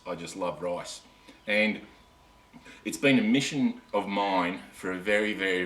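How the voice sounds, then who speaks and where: A very deep-voiced Australian man chats to the camera in a loose, rambling way, often breaking off mid-sentence. He sounds worn out. He is heard from a distance in an echoey space, with faint ambient noise behind him. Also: a bit bright. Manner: rambling, self-interrupting, chatty. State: tired. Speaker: camping vlogger. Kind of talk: casual chat to camera.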